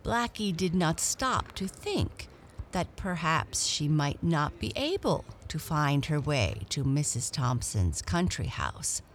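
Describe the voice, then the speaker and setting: A woman reading a children's storybook aloud in a gentle, expressive way. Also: low voice, a little hiss or hum.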